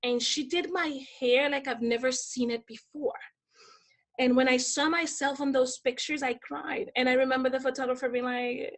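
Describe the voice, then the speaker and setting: Animated, high-voiced Dominican woman. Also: moderate pace. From Dominican Republic. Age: young adult. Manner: animated, acts out quoted voices. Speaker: podcast guest. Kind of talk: casual storytelling interview.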